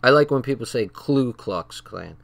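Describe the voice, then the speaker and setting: On his channel, a man reads a text aloud and weighs in bluntly and profanely in a casual tone, sharing stories from his own life. His mid-range voice is animated, creaky and a bit bright, at normal speed.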